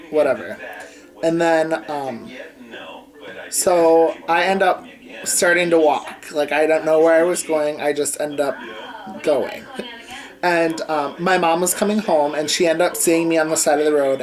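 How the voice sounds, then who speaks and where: A man's voice: on the high side, steady tone, measured pace, rough recording. A young man recounts a personal story in a casual home vlog. He rambles loosely, piling on fillers and "like"s as he goes. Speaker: vlogger. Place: home bedroom with a TV on.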